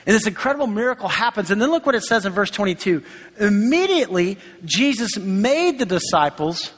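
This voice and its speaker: A man's voice: high-pitched, sing-song, a little fast. A man preaching a sermon in a conversational way, acting out quoted voices along the way. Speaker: pastor. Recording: long hall reverb.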